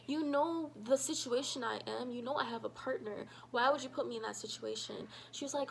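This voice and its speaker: A woman telling a personal story in a casual vlog, animated and full of fillers, acting out what people said. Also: high-pitched, normal speed, gravelly, slight background noise, low-quality recording. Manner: animated, shouts quoted lines, many fillers. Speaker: storytime vlogger.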